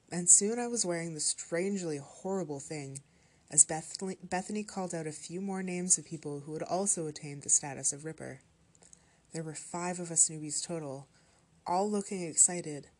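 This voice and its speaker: A woman with a lowish voice reads a horror story aloud. Her delivery is measured and even, and it keeps a steady storytelling pace. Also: breathy edge. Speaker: story narrator.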